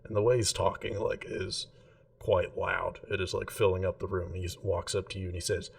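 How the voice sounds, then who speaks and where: A man narrating as game master in a relaxed, rambling way with many fillers. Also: low-pitched, brisk, gravelly, recorded from a distance.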